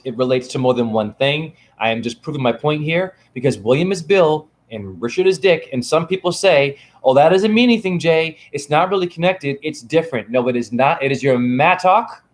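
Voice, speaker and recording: A man's voice: mid-range voice, lively intonation, a little fast, hardly any pauses, reverberant. A man in a rambling, playful, preachy teaching monologue, filmed on his phone. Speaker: spiritual teacher. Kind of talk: casual teaching monologue to camera. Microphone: phone camera.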